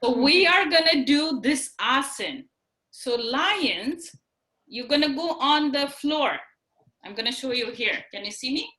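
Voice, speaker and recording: Bright, slow-spoken woman teaching kids' yoga. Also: high-pitched, lively intonation, far from the mic. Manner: patient, encouraging, slow and clear. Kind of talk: online class instruction for children. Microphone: video call. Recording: echoey room on a video call.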